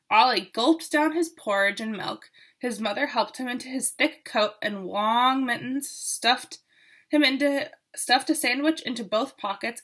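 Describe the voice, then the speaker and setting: A woman reading a picture book aloud to children, expressive and with asides to her listeners. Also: a little high, husky. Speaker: storyteller.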